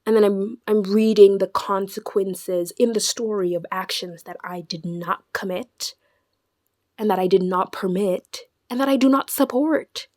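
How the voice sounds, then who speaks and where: A young woman talks straight to camera in a loose, chatty vlog style. Her delivery is animated and dramatic, and she often stumbles and restarts her sentences. Her voice sits in a middle pitch and sounds dry and close. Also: measured pace, dry recording. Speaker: vlogger. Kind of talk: casual chat.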